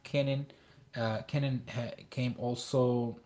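A man's voice: medium pitch, fairly even intonation, a little mellow. Man from Iraq telling a childhood story. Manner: halting, many restarts and fillers; acts out quoted voices. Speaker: guest. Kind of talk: casual storytelling.

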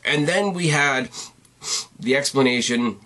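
A man's voice: medium pitch, measured pace, pushed and bright. A man hosting a podcast, giving a casual, rambling recap with wry asides and self-corrections, sounding congested and tired. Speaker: podcast host reviewing wrestling. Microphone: on camera at a desk.

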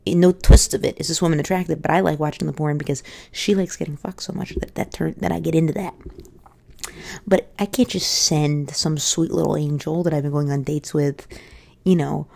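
A woman's voice: sits low, creaky, a little mellow. A young woman doing stand-up, telling rambling, candid and crude stories full of asides. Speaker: stand-up comedian. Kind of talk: stand-up storytelling.

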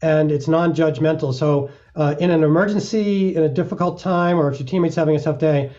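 A middle-aged mountaineer, appearing as an interview guest, speaks earnestly and slips into small acted-out examples. His mellow voice runs a little high for a man, and the recording is dull and lo-fi. His pace is steady and reflective, also a little fast.

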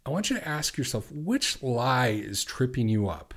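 A middle-aged man hosting a podcast as a recovery coach, asking earnest questions and slowing down to repeat affirmations. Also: medium pitch, very animated, fairly bright tone. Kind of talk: coaching monologue.

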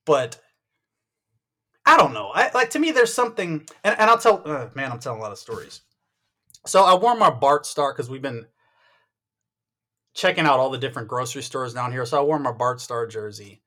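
A man co-hosting a casual sports chat, animated and stammering, with many restarts, acting out what others said. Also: medium pitch, moderate pace, long pauses. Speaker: podcast co-host.

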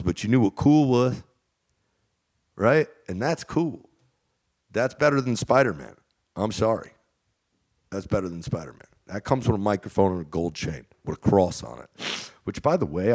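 A man talking as a podcast guest, emphatic and profane, swinging between loud outbursts and low mutters. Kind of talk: casual podcast chat.

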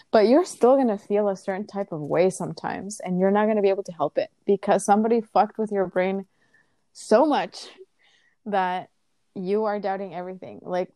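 A woman's voice: mid-range voice, dark tone, dry recording, studio quality. A woman in casual conversation, giving earnest, frank advice with some swearing. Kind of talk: casual chat.

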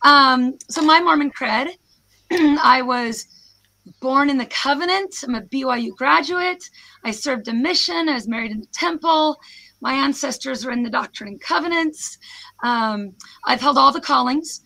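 A hoarse American woman, a professor, giving a snarky, self-deprecating presentation over a video call. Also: high voice, normal speed, pushed and bright. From United States. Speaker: guest speaker, professor.

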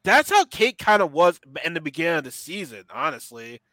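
A man's voice: a little high, fairly quick, dry recording. A man co-hosting a podcast, talking casually and animatedly about a show, laughing and acting out lines he quotes. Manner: animated, laughing, swearing, mock-quoting characters. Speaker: podcast co-host. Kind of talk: casual chat reviewing a show.

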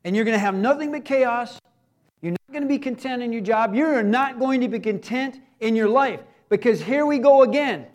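Male pastor, very high voice, folksy sermon, shifts from punchy emphasis to near-whispered asides. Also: normal speed. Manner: swings between emphatic raised delivery and hushed, quiet passages; folksy, joking asides to the congregation.

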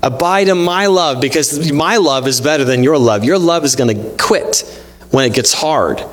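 A man with a fairly high voice gives a relaxed, conversational sermon. He acts out back-and-forth exchanges with God in his own voice, sprinkling in casual fillers as he goes. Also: normal speed. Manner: frequent fillers like "like" and "you know". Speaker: pastor.

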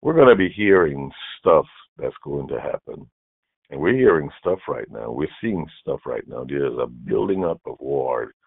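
A man preaching a sermon as bishop, emphatic, repeating key phrases and swinging from hushed to loud. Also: rumbling low, very animated, normal speed, gravelly, breathy edge, no echo. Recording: dry, phone-like narrow sound.

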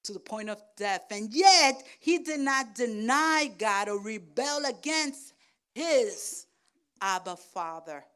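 A woman pastor preaching a sermon, checking in with "Amen?" and "right?", and swinging from soft asides to loud calls. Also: fairly high pitch, expressive, clean tone. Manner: slow, deliberate delivery.

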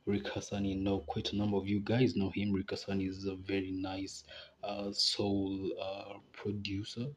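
A young man hosts a casual podcast, rambling and laughing in a relaxed way. His voice sits a little low. Faint background noise hangs under his talk. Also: moderate pace. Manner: laid-back, rambling, laughs between phrases. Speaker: podcast host.

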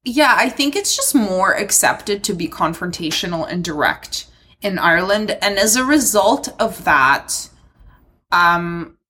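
A woman's voice: mid-range voice, lively intonation, a little slow, sharp tone. A woman in casual conversation, telling anecdotes with many fillers and frequent laughter. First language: not English. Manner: chatty storytelling, laughs often, lots of "like". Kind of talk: casual chat.

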